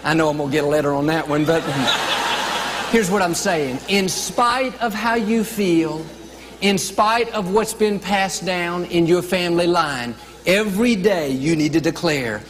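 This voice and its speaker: A man with a fairly high voice preaches a motivational sermon, stacking phrase on phrase with firm emphasis. He drops in playful asides along the way. His voice rings with the long reverb of a large hall. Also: measured pace, a bit bright. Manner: emphatic, builds lists of declarations with rising and falling emphasis; playful asides with light chuckles.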